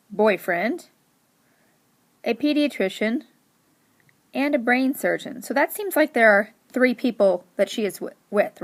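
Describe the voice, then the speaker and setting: A woman teacher giving a recorded lesson, telling a joke and explaining with playful emphasis. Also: a little high.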